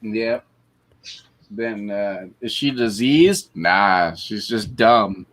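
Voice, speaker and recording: A man streaming a casual chat, swearing a lot and cooing softly to his dog. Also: fairly low pitch, extremely slow. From Canada.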